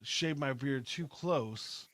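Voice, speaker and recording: A man's voice: medium pitch, slow pace, a bit bright, no room sound. A man hosting a podcast in casual chat, laid-back and hesitant, with lots of ums and uhs. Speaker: podcast host.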